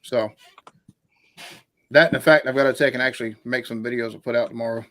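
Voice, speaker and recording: A man's voice: mid-range voice, steady tone, fairly quick, fairly bright tone. Matter-of-fact man wrapping up a stream. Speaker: stream host. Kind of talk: casual chat.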